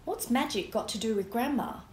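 A woman reading the part of a cheeky young boy who teases and gets excited easily. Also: fairly high pitch, a little fast, echoey room, slight background noise, voice pushed up, natural voice. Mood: eager.

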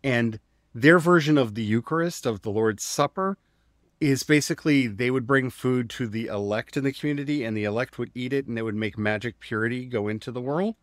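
A man's voice: medium pitch, fairly quick, no echo, clean studio sound. A man co-hosting a casual discussion podcast, retelling old stories in a wry, glib, storytelling way. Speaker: podcast co-host.

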